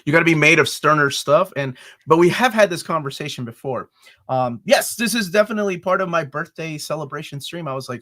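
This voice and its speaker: A man's voice: on the high side, quick pace, pushed and bright. A man hosting an interview, chatty and joking. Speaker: host. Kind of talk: casual interview chat.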